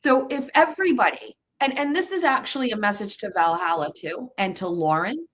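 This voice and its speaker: A woman's voice: medium pitch, animated, brisk, a bit bright, rough recording. A young adult woman, hosting her show in a heated, profane monologue, repeating herself as she pushes back at critics. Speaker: show host.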